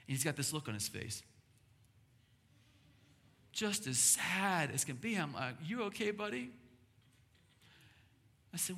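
A man's voice: a little high, sharp tone. A middle-aged male pastor telling a family story in a sermon, earnest and repeating words as he builds up. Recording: long hall reverb with faint music.

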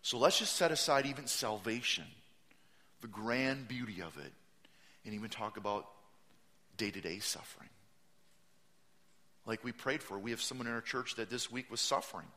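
A man preaching a sermon as pastor, telling stories animatedly, acting out quotes and raising his voice to a shout for emphasis. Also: mid-range voice, moderate pace, long pauses.

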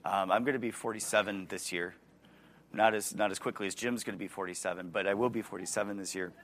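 A man's voice: fairly low pitch, steady tone, fast, gravelly, a bit bright. A man in his forties with a Wisconsin accent, preaching a sermon in a conversational way and putting questions to his listeners. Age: 40s. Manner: conversational, asks the audience questions, restarts words.

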